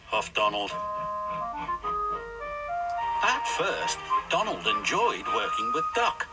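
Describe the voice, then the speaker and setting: A man narrating a storybook tale in an expressive, animated reading, with music underneath. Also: mid-range voice, normal speed.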